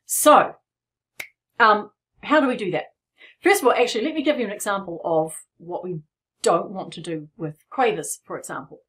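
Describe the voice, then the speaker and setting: A woman's voice: mid-range voice, normal speed, a bit bright. A middle-aged woman teaching piano in a playful, encouraging way, explaining rhythms as she plays. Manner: playful and encouraging, demonstrates while playing. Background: piano playing.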